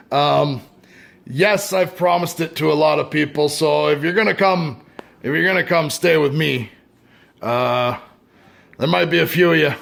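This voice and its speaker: A man's voice: fairly high pitch, creaky, fairly bright tone. A Canadian man rambling sarcastically and swearing freely in a casual vlog, recorded on a phone. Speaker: vlogger. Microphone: phone camera.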